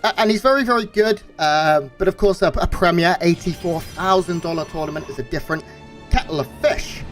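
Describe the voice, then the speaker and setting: A man giving relaxed, analytical color commentary on a strategy game match, with frequent fillers. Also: high-pitched, brisk, soft background music. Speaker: esports co-caster.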